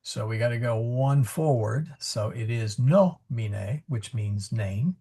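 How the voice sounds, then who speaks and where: Speaking at a measured pace in a mellow, medium-pitched voice with a breathy edge, a man teaches Latin pronunciation live on a video call. He explains things patiently, often correcting himself and leaning on fillers.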